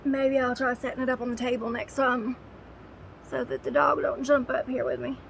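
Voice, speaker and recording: A woman chatting casually through a makeup routine at home, murmuring soft comfort to her dog between steps. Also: sits high, moderate pace, gravelly, slight background noise, poor audio. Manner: chatty, with quiet soothing asides to a dog. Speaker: makeup vlogger. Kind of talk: casual makeup tutorial chat. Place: indoors at home, sitting on a bed. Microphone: phone.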